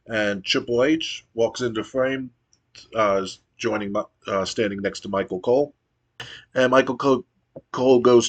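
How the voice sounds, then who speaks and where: A man's voice: mid-range voice, steady tone, moderate pace. A man narrating a wrestling sim playthrough as a game streamer, giving a play-by-play recap with casual asides.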